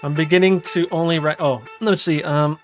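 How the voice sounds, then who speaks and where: A young man chatting casually on a livestream as he makes music, slangy and relaxed, often laughing. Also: on the high side, moderate pace. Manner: laid-back, slangy, laughs often, talks while working. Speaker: music producer streaming. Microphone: studio microphone.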